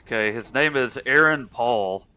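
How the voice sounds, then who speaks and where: A man's voice: medium pitch, a little slow, pushed and bright, smooth, muffled recording. A young man streaming a game, chatting casually and answering viewers' messages as he plays. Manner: chatty, reads and answers live chat. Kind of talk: casual chat while gaming.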